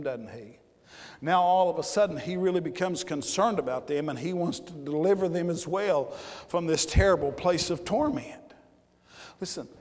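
A man preaching a fiery sermon, repeating words and rising into shouts. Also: a little high. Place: church. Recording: church hall with long reverb.

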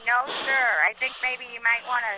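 A woman taking food orders over the phone in a brisk, matter-of-fact way. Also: fairly high pitch, flat delivery, sharp tone. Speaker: restaurant order taker. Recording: dull phone line with busy restaurant behind.

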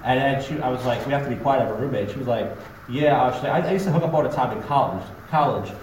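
A man's voice: mid-range voice, quick pace, darkish tone. A man in casual podcast chat, rambling and blunt as he tells a crude story, recorded from far off in an echoey, noisy room. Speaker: podcast guest.

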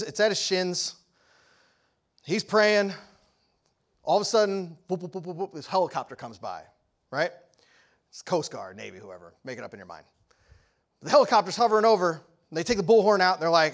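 A man preaching a sermon, telling a story with lively energy and often asking the audience questions. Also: high-pitched, fairly quick, long pauses.

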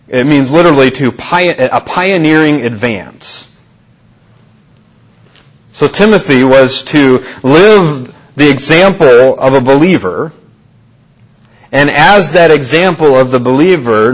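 In church, a man with a mid-range voice delivers a sermon to his congregation, though the audio is poor. This pastor is earnest, frequently circling back to restart phrases and posing questions.

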